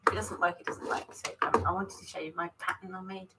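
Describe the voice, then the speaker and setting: A woman's voice: on the low side, little pitch movement, fast, very noisy. A woman chatting casually with viewers on a live stream while setting up to paint, talking in a scattered way, greeting people by name and laughing often. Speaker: artist hosting a live stream.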